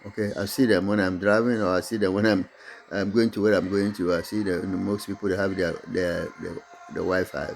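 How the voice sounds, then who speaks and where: A middle-aged man from Togo whose first language is Mina, speaking English with an accent and giving a halting motivational talk about his own business, full of restarts and fillers. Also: sits low, little pitch movement, gravelly, a little hiss or hum. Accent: Togolese. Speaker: business owner.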